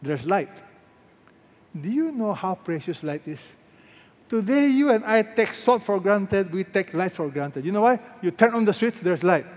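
A man's voice: sits high, animated, measured pace, a little mellow. Filipino pastor guy preaching hard, lots of questions to the crowd, long reverb like a big hall. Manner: emphatic, repeats phrases, asks the crowd rhetorical questions. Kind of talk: sermon. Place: large church hall.

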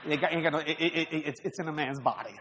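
A male pastor telling a humorous story in a sermon, animated and laughing often as he acts out voices. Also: a little high, fast. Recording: noisy live recording.

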